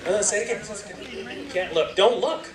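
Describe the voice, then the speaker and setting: A man leads volunteers through a game in a large lecture hall, coaxing and joking as he goes. He sits at an ordinary pitch and sounds distant, caught from far off. The echo of the hall and the crowd noise surround him. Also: fast. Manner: playful, coaxing, laughs often. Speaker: guest lecturer.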